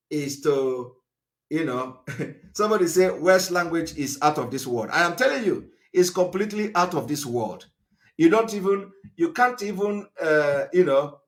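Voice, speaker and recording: Male broadcaster, high bright voice, emphatic speech with repeated rhetorical questions. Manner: emphatic, repetitive, asks the audience rhetorical questions; fillers and restarts, pitch swings up and down. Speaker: political broadcaster. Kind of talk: live political broadcast speech.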